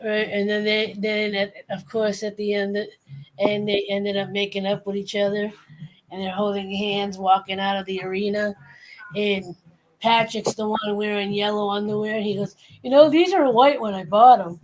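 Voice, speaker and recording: Woman streamer, animated storyteller in a casual chat, middle pitch. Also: normal speed, poor audio. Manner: animated storyteller, quoting cartoon lines.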